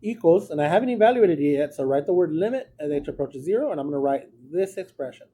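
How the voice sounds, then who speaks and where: A man's voice: a little high, lively intonation, fast talker, warm tone, breathy edge. A man teaching a math class in a classroom, explaining each step in a casual way. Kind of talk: classroom lecture.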